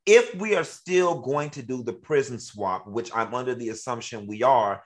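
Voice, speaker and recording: A man with a mid-range voice co-hosts a casual news show. He thinks out loud and keeps raising questions to the others. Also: medium pitch, moderate pace. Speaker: co-host.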